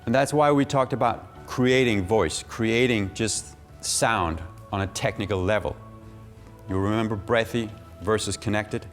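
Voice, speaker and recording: A man teaching a public speaking workshop, animated and laughing often. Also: lowish voice, a little slow, faint music behind. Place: workshop room.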